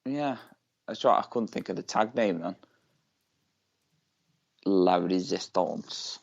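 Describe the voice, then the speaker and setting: A man's voice: low-pitched, slow, vocal fry, lo-fi sound. A man co-hosting a podcast, chatting bluntly with short reactions and some swearing. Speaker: podcast co-host. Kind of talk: casual wrestling chat.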